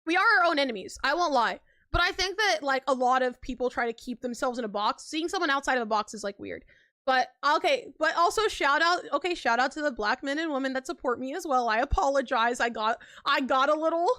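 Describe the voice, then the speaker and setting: A young woman chatting casually on a live stream, animated and slangy, laughing often between lines. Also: sits high, brisk, dry recording, studio quality.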